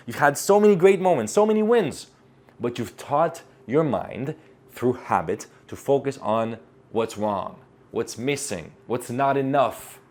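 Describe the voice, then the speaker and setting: A male speaking coach with a mid-range voice delivers an energetic motivational talk to camera, emphatic and packed with rhetorical questions.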